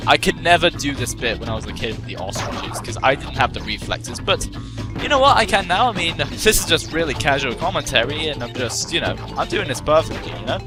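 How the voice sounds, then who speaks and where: A man's voice: mid-range voice, lively intonation, a little fast, hardly any pauses. A young man giving casual, jokey let's-play commentary, rambling in self-mocking asides as he plays. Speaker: gameplay commentator. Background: game music.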